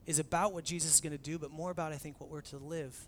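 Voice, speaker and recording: A young adult man preaching a sermon as pastor in a conversational, animated way, acting out the dialogue he quotes. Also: fairly high pitch, fast talker, slight background noise.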